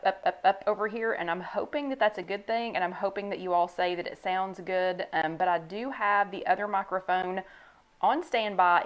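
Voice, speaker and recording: An older woman hosts a casual live stream from home, talking into a desk microphone. She is chatty and relaxed, greeting viewers by name and reading their comments aloud. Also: medium pitch. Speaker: host of a live online chat. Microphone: new desk microphone.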